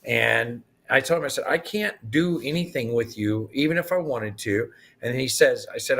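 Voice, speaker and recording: A man speaking as an interview guest, telling his story with lively acted-out dialogue. His voice sits at an ordinary middle pitch. He keeps his own retelling flowing as he narrates. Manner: animated retelling with quoted dialogue.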